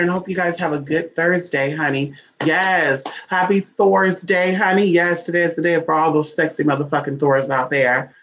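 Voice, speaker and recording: A man's voice: fairly high pitch, steady tone, normal speed, hardly any pauses, fairly bright tone. A man in casual vlog talk, playful and sassy, cooing baby talk at his dog between remarks to viewers. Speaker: vlogger. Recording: dull lo-fi sound.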